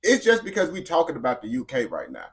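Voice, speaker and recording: A man's voice: medium pitch, wildly swooping pitch, fast, fairly bright tone. A man giving casual, slangy, emphatic reaction commentary. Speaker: reaction video host.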